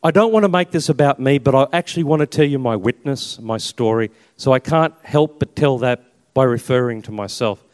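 A mid-range, slightly mellow male voice moves at a brisk clip. It belongs to an Australian Catholic priest in his fifties, an army chaplain, who gives a chatty testimony with slides and self-mocking humour, recorded with long hall reverb.

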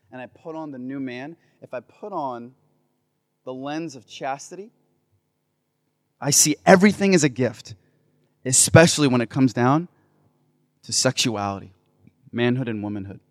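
A man giving a faith talk to a live audience, playful and building to loud, enthusiastic bursts. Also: mid-range voice, dry recording. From United States. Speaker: Catholic speaker.

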